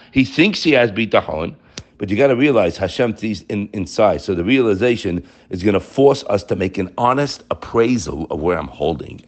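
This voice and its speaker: A man giving a spiritual lesson with a lively voice that swings up and down in pitch. He reads and translates Hebrew text in an animated way, pressing his listeners with rhetorical questions. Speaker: religious teacher.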